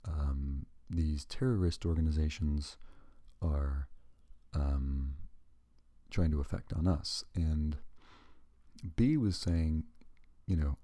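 A man's voice: a bass voice, takes it slowly, warm tone, no room sound, studio quality. A man talking casually to the camera in a rambling, digressive way, with joking asides and frequent self-corrections. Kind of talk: casual monologue.

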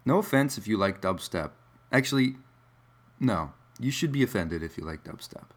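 A man's voice: lowish voice, lively intonation, moderate pace. A man musing in a casual, rambling monologue, wry and digressive, with many fillers.

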